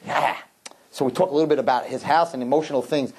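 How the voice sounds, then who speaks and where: A man as a rabbi giving a lively sermon to young women, emphatic, with joking asides and words he repeats as he starts a point. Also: fairly high pitch, fast, husky.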